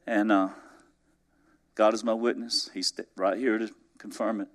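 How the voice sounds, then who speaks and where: A man with a somewhat low voice preaches from the pulpit in a storytelling manner. He chuckles through his anecdotes. He pushes up with emphasis, then drops to a soft, hushed delivery to land a point. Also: fairly even intonation, normal speed. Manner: conversational, swinging between emphatic rises and soft, hushed drops. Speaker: pastor. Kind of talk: storytelling sermon.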